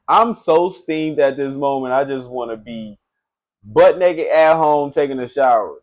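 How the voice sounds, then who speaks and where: Tattoo artist guy telling a story, loose and animated, swears a lot, keeps saying you know what im saying, medium pitched voice. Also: measured pace. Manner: animated, loose and profane, heavy with filler phrases. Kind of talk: casual storytelling.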